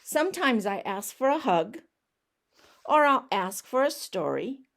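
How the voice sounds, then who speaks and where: A woman voicing a pushy, whiny male pigeon who keeps demanding things, in a loud, insistent, complaining way. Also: a little high, very animated, unhurried, creaky, voice pushed up, heavily acted. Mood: indignant.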